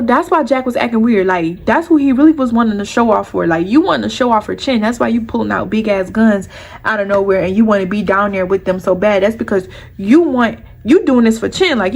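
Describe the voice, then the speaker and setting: A young woman vlogger telling a personal story to her viewers in an animated, heated, profane way. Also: fairly high pitch.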